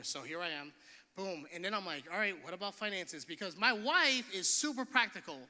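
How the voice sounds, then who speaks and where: Animated high-voiced man preaching in a hall. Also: a little fast. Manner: casual, slangy and animated, with many restarts. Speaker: pastor. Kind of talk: sermon. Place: church stage.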